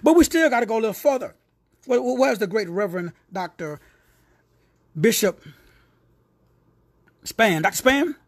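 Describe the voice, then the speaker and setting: A man leads a word study like a sermon, with a fairly high, husky voice. His pitch rises and falls widely as he repeats phrases and calls out listeners one by one. He breaks off into playful, teasing asides. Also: moderate pace, long pauses. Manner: animated, repetitive, calls listeners by name. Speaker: spiritual word-study teacher. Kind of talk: preacher-style lecture.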